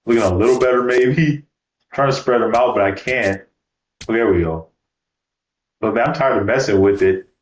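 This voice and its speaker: A man's voice: medium pitch, normal speed, pauses often. A man talks through a baseball video game in a loose, joking way, cursing now and then. His voice sits in a middle range. The room around him is echoey. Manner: loose, joking, swears casually. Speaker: gaming YouTuber. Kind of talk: casual gameplay commentary.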